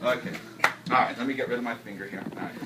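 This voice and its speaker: Middle-aged guy teacher doing a science demo, jokey and animated, roomy classroom sound from a far camera with some noise. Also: mid-range voice, fast. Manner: animated, joking, with frequent restarts. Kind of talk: classroom demonstration.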